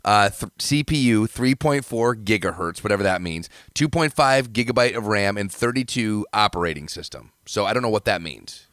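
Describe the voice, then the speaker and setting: A man hosts a casual podcast chat, his voice sitting low and recorded dry and close. He rambles in a self-deprecating way, talking through mouthfuls of food. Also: expressive, moderate pace, few pauses, fairly bright tone, no echo. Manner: rambling, self-deprecating, talks while eating. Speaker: podcast host.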